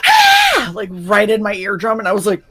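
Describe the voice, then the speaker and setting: A woman hosting a casual chat, telling a story in an animated way and acting out the lines she quotes. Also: medium pitch, fast. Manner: animated storyteller, acts out quotes, swears freely. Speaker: streamer host.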